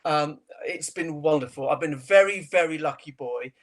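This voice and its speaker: A middle-aged man, a TV chef guest, chatting casually in an interview and telling animated stories with frequent laughter. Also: a little high, normal speed. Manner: animated storyteller, laughs often.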